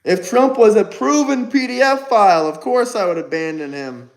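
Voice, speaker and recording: A man's voice: high voice, lively intonation, normal speed, low-quality recording. A man hosting a casual livestream, firing mocking, combative replies at his chat. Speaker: livestream host.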